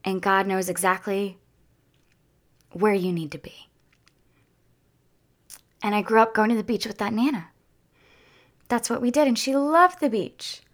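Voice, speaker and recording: A woman talking casually to her viewers in a heartfelt, chatty way, near tears and drifting into soft whispers at times. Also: mid-range voice, measured pace, pauses often. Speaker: vlogger. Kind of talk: casual personal talk to viewers.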